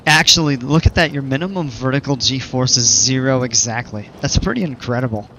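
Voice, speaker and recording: A man's voice: mid-range voice, a little fast, a bit bright, dull audio, a little hiss or hum. A man casually commenting on a game during a live stream, chatting with viewers in an easygoing, rambling way.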